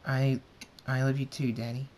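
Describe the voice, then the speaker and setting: A man reading a fan story aloud, voicing a sweet young pony daughter who speaks softly and hesitantly. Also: medium pitch, level tone, moderate pace, slight background noise, natural voice.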